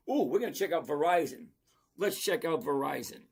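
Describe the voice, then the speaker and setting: Blunt, husky stock-chat host. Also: medium pitch, animated, normal speed. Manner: blunt and playful, with emphatic repetition. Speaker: stock trading livestream host. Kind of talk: casual livestream chat reading viewer comments.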